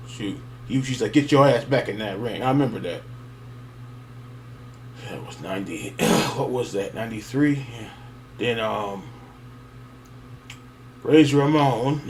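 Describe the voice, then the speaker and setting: A man's voice: medium pitch, a little hiss or hum. A man rambling casually to his viewers, with many fillers and chuckles. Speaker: wrestling fan vlogger. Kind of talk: casual nostalgic monologue.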